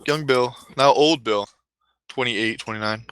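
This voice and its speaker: A man's voice: medium pitch, steady tone, a little fast, a bit bright, clear, resonant tone, dry recording, low-quality recording. A man narrating a mock-epic comedic story in a rambling, mock-solemn way, often correcting himself.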